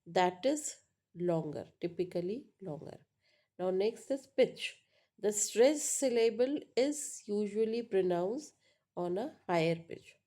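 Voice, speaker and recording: A woman teaching a lesson on word stress, pausing often with fillers and asking "right?" to check understanding. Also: medium pitch, animated, warm tone. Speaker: English teacher. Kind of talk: spoken lecture on pronunciation.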